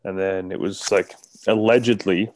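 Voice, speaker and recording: A man's voice: sits low, fairly even intonation, normal speed, slight background noise. A man co-hosting a podcast in casual chat, laid-back with dry jokes.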